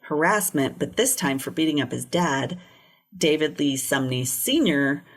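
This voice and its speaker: A woman's voice: low-pitched, expressive, a little slow. A woman co-hosting a podcast, telling a true crime case in a casual way and laughing often. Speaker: podcast co-host.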